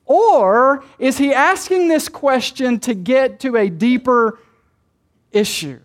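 A man's voice: very high voice, slow. A male pastor preaching a sermon in a conversational way, asking rhetorical questions and making light jokes.

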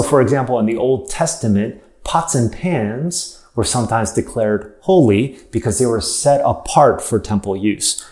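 A man's voice: mid-range voice, darkish tone, echoey room. A man preaching a sermon, stressing points by repetition and asking rhetorical questions.

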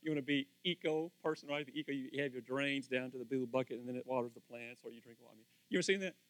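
A man preaching a casual sermon, animated and acting out little scenes with different voices. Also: medium pitch, very fast, dry recording.

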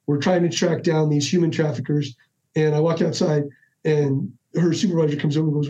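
Give me a high-pitched, mellow-voiced man telling stories on a podcast. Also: a little fast. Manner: animated, acts out dialogue with restarts. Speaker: podcast guest. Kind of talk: casual storytelling. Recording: dull lo-fi audio.

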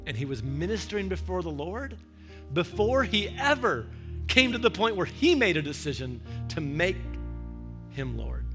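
Over music, a male pastor with a high-pitched voice preaches a verse-by-verse sermon at a moderate pace. He tells stories in an animated way, acting out the voices of those he quotes.

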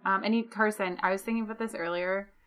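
A woman's voice: medium pitch, steady tone, fast, fairly bright tone. A young woman co-hosting a podcast, telling rambling stories in a chatty, laughing way. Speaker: podcast co-host. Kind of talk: casual chat.

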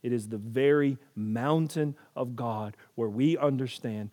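A man preaching a sermon, telling the story dramatically and swinging from hushed lines to booming ones. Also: unhurried.

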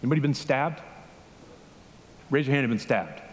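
A man's voice: medium pitch, animated, fairly quick, big-room sound, slight background noise. A man preaching a casual, story-driven sermon, often asking the congregation questions. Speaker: pastor. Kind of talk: conversational sermon. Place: church hall with a congregation.

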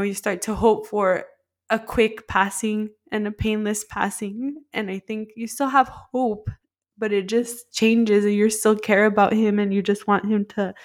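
A woman co-hosting a podcast, telling a personal story in a heartfelt, rambling way, full of "like" fillers. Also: medium pitch. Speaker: podcast co-host.

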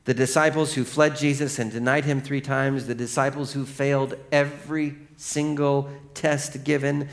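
A man preaching a sermon as pastor, telling stories and swinging from hushed lines to loud, excited ones. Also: mid-range voice, moderate pace, few pauses. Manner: storytelling, animated.

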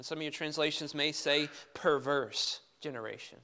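A man's voice: fairly high pitch, normal speed, hardly any pauses, pushed and bright. A man preaching a sermon as pastor, talking in a conversational way with rhetorical questions and reading scripture with emphasis.

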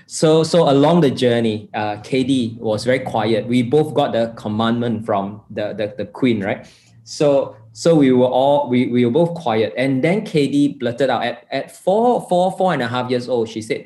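Brief: male pastor, earnest storytelling sermon, mid-pitched, echoey room. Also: a little slow, mellow. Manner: earnest storytelling, repeats words. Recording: roomy echo.

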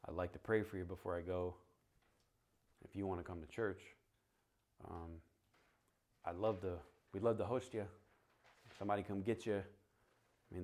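In a deep voice with long pauses, this preacher recounts something that happened to him, speaking at a normal pace. He plays out each side of the dialogue with comic energy and chuckles at his own expense as part of the sermon.

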